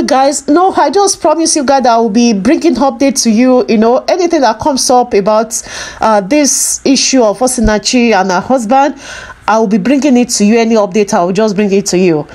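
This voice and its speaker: A woman's voice: fairly high pitch, a little mellow. A woman talking to her viewers in an emotional vlog, earnest and pleading, repeating herself often. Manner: emotional, sorrowful. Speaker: vlogger.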